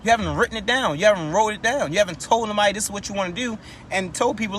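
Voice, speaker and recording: A man with a high voice speaks in a loose, slangy motivational style, restarting and repeating phrases as he pushes his point. He sounds like he is outdoors, with faint traffic in the background. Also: racing, fairly bright tone. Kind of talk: casual motivational talk.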